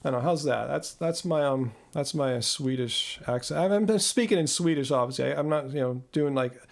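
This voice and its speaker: A talkative man from Southern California hosts a live Q&A stream. His voice sits a little higher than most men's and carries a gravelly edge. He laughs easily and trips over his own restarts as he answers viewers. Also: moderate pace. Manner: chatty, laughs often, repeats words as he restarts. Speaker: host. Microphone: own microphone.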